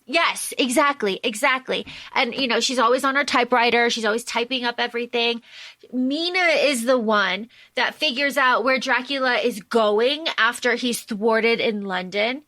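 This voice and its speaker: A woman hosts a casual podcast, her voice sharp and high. She tumbles through a story with plenty of fillers and restarts. The sound is dry and close to the mic. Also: normal speed, no room sound. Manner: animated plot retelling with many fillers. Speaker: podcast host.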